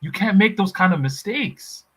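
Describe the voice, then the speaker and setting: A man's voice: high voice, animated, moderate pace, breathy edge, poor audio. A man in a casual football chat, blunt and heated, swearing freely. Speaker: football pundit.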